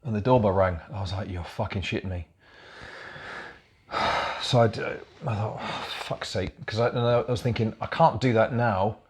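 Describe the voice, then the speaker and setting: A man's voice: lowish voice, steady tone, moderate pace, darkish tone. A middle-aged man from England telling his story as a podcast guest, blunt and darkly humorous, swearing often. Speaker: podcast guest, military veteran. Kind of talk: casual storytelling chat.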